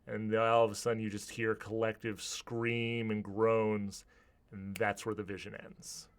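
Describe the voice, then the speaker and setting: A man's voice: fairly low pitch, little pitch movement, normal speed. A man narrating a tabletop game as game master, describing scenes vividly with some restarts.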